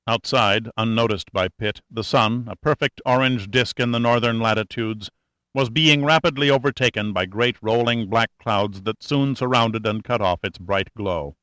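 Man narrating, low voice, forceful, dry, steady and tense. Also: moderate pace, clear, resonant tone, no echo. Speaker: audiobook narrator. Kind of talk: scripted narration.

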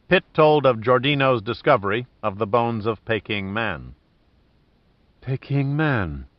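Guy narrating a novel, steady read, dry dull audio. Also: mid-range voice, no room sound.

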